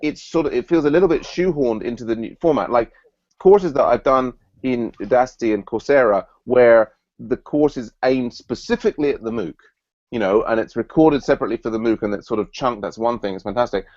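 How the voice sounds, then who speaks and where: A man's voice: medium pitch, brisk, a little mellow, dry recording, dull audio. A man hosting an online work meeting, thinking aloud with frequent restarts and fillers. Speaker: meeting host. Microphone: video call.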